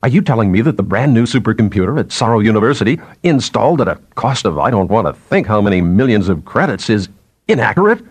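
A man's voice: lowish voice, sing-song, moderate pace, a little mellow, dry recording. A man voicing a probing male journalist who presses with blunt, challenging questions. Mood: incredulous.

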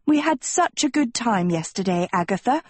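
A vain teenage girl sweet-talks and wheedles in a bright, lilting voice that climbs high, as a woman reading a storybook puts her on. Her tone is airy and breathy, recorded dry and close. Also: expressive, normal speed, no room sound. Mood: coaxing. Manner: sugary, coaxing, high and wheedling.

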